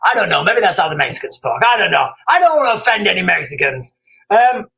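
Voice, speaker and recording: A man's voice: high voice, sing-song, fast, vocal fry, sharp tone. Rambling man on a livestream. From United Kingdom. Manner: rambling, hesitant, reads viewer comments aloud. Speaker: livestream host. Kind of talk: casual livestream chat.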